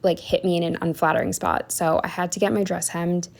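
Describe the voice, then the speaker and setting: A woman's voice: lowish voice, little pitch movement, brisk, gravelly. A woman talking casually as a planner vlogger, walking through her weekly spread in a rambling, chatty way with lots of fillers and trailing-off sentences.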